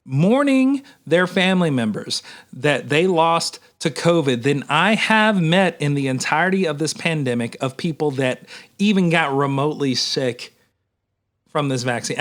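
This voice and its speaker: A male minister delivering a humorous sermon with emphatic, animated commentary, often addressing listeners as y'all. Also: medium pitch.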